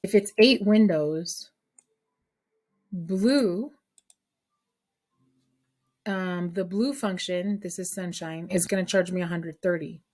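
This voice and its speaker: Chatty woman teaching a math class. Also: on the low side. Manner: lively, chatty teacher who talks to the class and checks in often. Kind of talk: classroom lesson.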